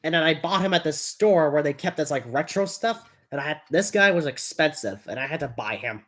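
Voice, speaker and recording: A woman's voice: low voice, animated, brisk, a bit bright. A woman chatting casually on a live stream, rambling and giggling, with lots of fillers.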